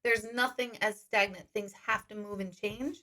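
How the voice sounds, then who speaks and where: Woman, mid-pitched, intuitive medium hosting a live Q&A; chatty and laughs easily. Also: steady tone, normal speed, sharp tone. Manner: chatty, laughs often, reads out viewer questions. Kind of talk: live-stream Q&A chat.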